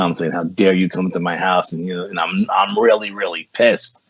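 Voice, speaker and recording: A man's voice: sits low, husky, no room sound. A man, a guest on a podcast, telling a story in a casual, rambling way and saying 'you know' often. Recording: dull lo-fi sound.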